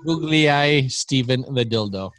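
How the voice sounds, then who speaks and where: A man's voice: medium pitch, unhurried, a bit bright. A man co-hosting a comedy podcast, trading joking, teasing banter. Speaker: podcast co-host.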